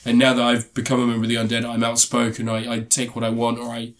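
A man's voice: medium pitch, monotone, fast. Rambling man reviewing a TV series. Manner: rambling, frequent ums and restarts. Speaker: podcast co-host reviewing TV. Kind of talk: casual review chat.

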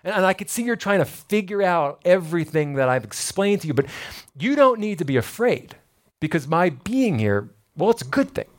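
A man's voice: high voice, big pitch swings, moderate pace. A man doing a reassuring angel messenger. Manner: gentle, reassuring.

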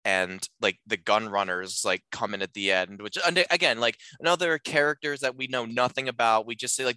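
A man casually talking through a film on a podcast, rambling with lots of filler words and acting out lines in animated voices. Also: medium pitch, a little fast, hardly any pauses, clean tone, dry recording.

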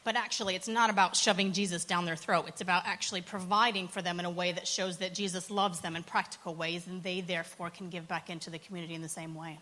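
This is a woman on a church panel who tells her stories earnestly and with real animation. Her voice sits a little low yet rings bright and forward. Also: fairly even intonation, fast, few pauses. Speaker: church poverty support worker. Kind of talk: panel conversation storytelling.

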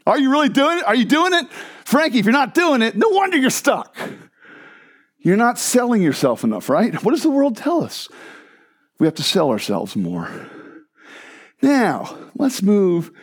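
A man's voice: extremely high pitch, big pitch swings, moderate pace. A man preaching a sermon to a crowd in a church hall, joking and asking the listeners questions. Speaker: pastor.

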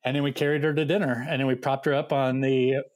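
A man who serves as a youth ministry director, telling funny camp stories in a relaxed conversational way and acting out the dialogue. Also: mid-range voice, fast talker, no echo. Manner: animated anecdote-telling with quoted dialogue. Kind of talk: casual storytelling.

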